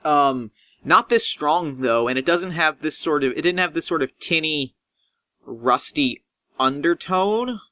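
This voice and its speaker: A man narrating a tabletop game as game master, animated and swinging in pitch as he describes scenes. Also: unhurried, no room sound.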